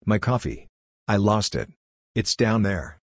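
Chatty flustered young woman, read by a man in his own deep voice, soft and slow, kinda husky. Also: sing-song, no room sound, clean studio sound, full character voice.

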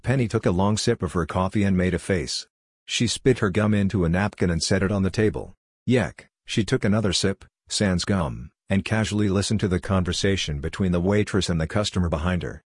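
A man narrates a story in a slow, measured way. His voice is deep and a bit husky. The recording is dry and close, with no room sound. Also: animated, no echo. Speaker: audiobook narrator.

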